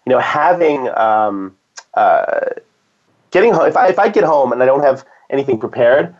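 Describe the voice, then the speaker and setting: A man's voice: medium pitch, lively intonation, moderate pace, darkish tone. A man talking casually as a guest, rambling with restarts and fillers. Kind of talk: casual conversation. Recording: dull lo-fi sound.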